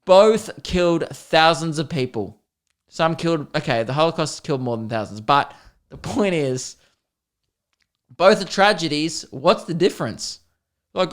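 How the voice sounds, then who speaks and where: Sweary Australian comedian ranting. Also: male voice, on the high side, animated, slow pace, fairly bright tone. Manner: sweary, rambling and self-deprecating. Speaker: podcast host and comedian. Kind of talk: solo comedy podcast rant.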